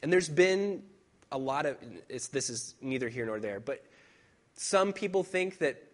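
A man preaching a sermon as pastor, speaking in a conversational, personal way with reflective pauses and emphatic repetition. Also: mid-range voice, expressive.

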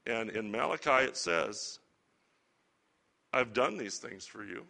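A man teaching a Bible lesson to a church group in a relaxed, conversational sermon style with chatty asides. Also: mid-range voice, slow, creaky. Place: church or lecture hall with slides.

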